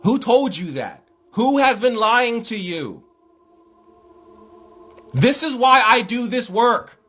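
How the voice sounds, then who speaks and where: A man's voice: extremely high pitch, very animated, slow pace, fairly bright tone. A man hosting a live stream, lecturing emphatically and with exasperation as he answers chat.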